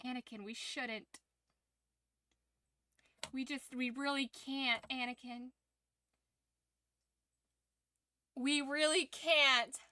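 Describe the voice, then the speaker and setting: Woman playing a flirty Southern belle lady, high mock-innocent drawl, bright tone, crisp voice. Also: fairly even intonation, slow pace, heavily acted. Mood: demure.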